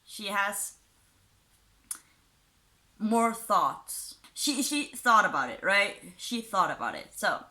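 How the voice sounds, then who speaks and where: A woman's voice: medium pitch, sing-song, slow pace, long pauses, pushed and bright. A woman giving casual, sarcastic commentary, reading out posts and mocking them, and mentioning her own unusual accent. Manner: sarcastic, mocking, chuckles between points; self-described unusual accent. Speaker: commentary YouTuber.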